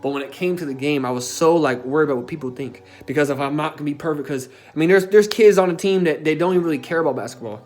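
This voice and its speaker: A man's voice: on the high side, racing, few pauses, a little mellow, faint music behind. A young man telling a personal story in a casual, emphatic way, as a self-development coach. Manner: casual and emphatic, with frequent filler tags and swearing.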